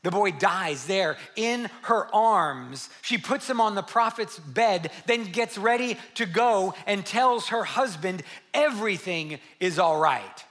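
Man, pastor, sermon to a congregation, bright tense voice, high pitch, animated and repetitive. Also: takes it slowly, hardly any pauses. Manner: animated preaching with rhetorical questions and repetition. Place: church service with a congregation.

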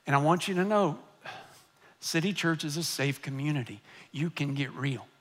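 Middle-aged pastor, high tenor voice, animated sermon storyteller who drops to a hush for effect. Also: male voice, moderate pace. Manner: animated storytelling, swinging between loud and hushed.

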